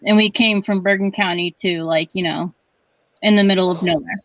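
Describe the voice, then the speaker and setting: A woman's voice: fairly low pitch, steady tone, brisk, a bit bright, no room sound, low-quality recording. A woman co-hosting a stream, telling stories in a rambling, chatty way with many restarts. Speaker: stream co-host. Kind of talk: casual storytelling chat.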